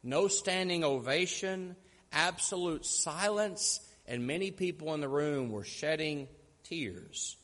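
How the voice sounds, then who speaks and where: High-voiced pastor preaching a sermon. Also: male voice, lively intonation, fairly bright tone, long reverb tail. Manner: storytelling, slows down for emphasis.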